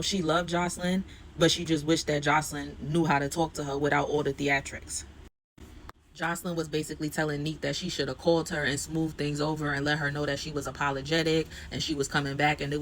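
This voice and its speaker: A woman's voice: low-pitched, flat delivery, fast talker, a bit bright, slight background noise. A woman vlogger recapping a reality TV episode in a casual, slangy, conversational storytelling voice.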